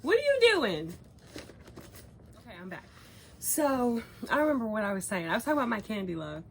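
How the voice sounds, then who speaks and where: A young woman vlogging in casual chat, animated, swearing freely and laughing often as she rambles. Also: fairly high pitch, a little fast, creaky, slight background noise. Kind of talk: casual chat, cookie review and gossip.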